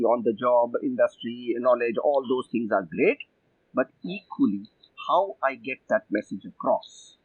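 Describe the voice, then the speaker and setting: A man's voice: medium pitch, dry recording. An older man with an Indian English accent, an executive coach answering interview questions emphatically. He sets out points in lists and acts out other people's quotes. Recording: dull muffled dry sound.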